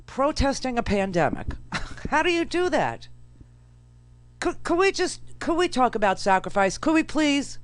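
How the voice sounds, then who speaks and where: A woman hosting a political radio talk show, brash and sarcastic, with lots of fillers and quick asides. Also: high voice, very animated, over loud music, over a noisy crowd. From New York. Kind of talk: political commentary monologue.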